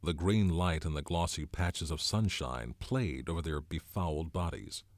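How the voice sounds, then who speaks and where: A man narrating a novel in a measured, expressive storytelling manner. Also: rumbling low, no room sound, studio quality. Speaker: audiobook narrator. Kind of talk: scripted narration.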